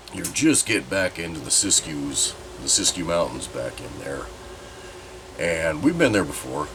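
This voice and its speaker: Against a noisy background, a low-voiced channel host from Southern Oregon rambles through a casual vlog update. Still getting over a sinus infection, he sounds congested and nasal, and he chats candidly with a bit of mild swearing.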